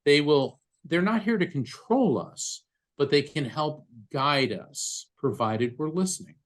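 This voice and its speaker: Speaking unhurriedly in a fairly high voice, a man who works as a psychic medium is a guest in a conversational interview. He is earnest and tells his stories with animation.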